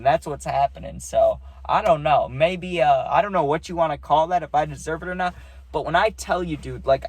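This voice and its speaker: A man's voice: medium pitch, no echo. Rambling young man telling a storytime. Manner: rambling, slangy, swears, says "dude" a lot. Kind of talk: casual storytime monologue.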